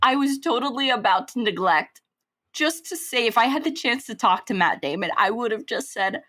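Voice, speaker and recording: A woman's voice: a little high, expressive, normal speed, bright, forceful tone. A young woman co-hosting a podcast, chatting casually with lots of fillers, restarts and giggles. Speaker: podcast co-host. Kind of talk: casual chat.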